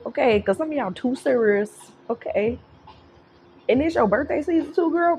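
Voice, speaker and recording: A woman's voice: on the high side, expressive, normal speed, pauses often, background noise. A young woman giving a casual tarot reading. She swears freely and laughs often. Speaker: tarot reader.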